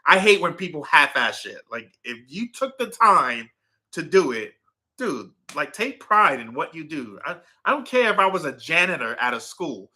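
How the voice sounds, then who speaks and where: Man, middle-aged, casual vlog chat, very bright forceful voice, rambling, self-correcting. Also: on the high side, sing-song, moderate pace, slightly rough. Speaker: vlogger.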